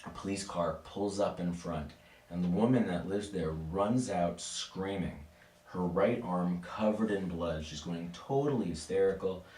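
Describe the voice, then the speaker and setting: A man's voice: deep voice, unhurried, mellow. A man telling a spooky story in a casual, playful way, with asides to his listeners. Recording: echoey room, mic at a distance.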